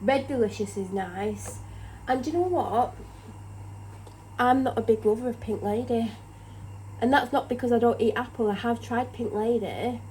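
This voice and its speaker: A woman's voice: a little high, normal speed, a little mellow, a little hiss or hum, rough recording. Tired, chatty woman in a kitchen. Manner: rambling, chatty, self-deprecating. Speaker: vlogger. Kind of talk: casual chat. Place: home kitchen, indoors.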